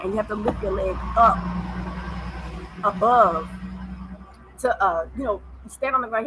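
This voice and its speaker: A woman's voice: mid-range voice, pushed and bright, slight background noise, rough recording. An American woman giving casual advice in a vlog, chatty and repetitive, laughing easily. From United States. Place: living abroad in East Africa.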